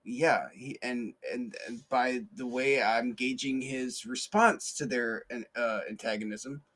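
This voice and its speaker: A man's voice: mid-range voice, fairly even intonation, measured pace, a bit bright. A man hosting a podcast, telling a story in a rambling, casual way with many fillers, restarts and curses. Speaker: podcast host.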